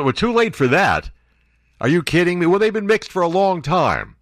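A man's voice: a little high, very animated, moderate pace, no room sound, studio quality. A man hosting a radio talk show, wisecracking and sarcastic in a casual chat about the news.

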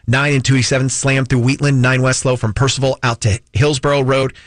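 A man giving a radio traffic report in a brisk, rapid-fire way. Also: medium pitch, little pitch movement, dry recording, clean studio sound.

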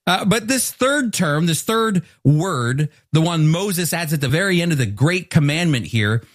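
A man's voice: a little high, lively intonation, measured pace, no room sound, studio quality. A man giving a sermon-style Bible teaching, earnest and explanatory, often restarting words mid-thought.

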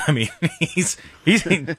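A man's voice: on the high side, expressive, slow pace, pushed and bright, breathy edge. A man hosting a radio show in the studio, chatting casually in a jokey, rambling way with many restarts. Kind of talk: casual talk radio banter. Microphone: studio microphone.

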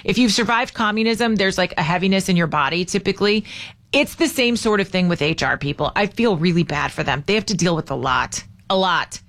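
A chatty woman hosts a morning radio show, talking loosely and poking fun at herself. Her voice sits at an ordinary pitch, and she laughs often between announcements. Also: animated, a little fast, a bit bright. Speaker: radio talk show host.

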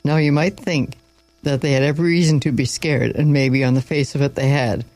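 A man's voice: medium pitch, fairly even intonation, fairly quick, a little mellow, dry recording, low-quality recording. A man reading a Bible story aloud in an informal way, with small slips and asides along the way.

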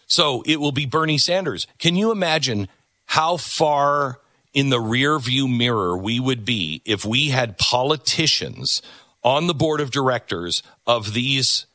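A man's voice: medium pitch, animated, unhurried, pushed and bright, no echo, clean studio sound. Emphatic middle-aged male talk host. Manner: emphatic, repeats words for stress. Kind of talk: opinion commentary.

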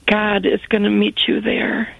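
A woman calling in to a Christian radio show, earnest and grateful, talking in halting phrases. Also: medium pitch, flat delivery, no room sound. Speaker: caller. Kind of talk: call-in radio testimony. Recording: phone line, slightly gravelly.

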